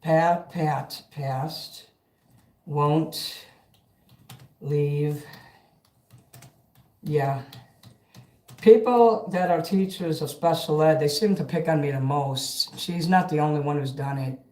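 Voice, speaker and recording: A man's voice: on the high side, normal speed, darkish tone. A man ranting profanely and rambling in a casual livestream between karaoke songs. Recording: echoey room over karaoke backing music.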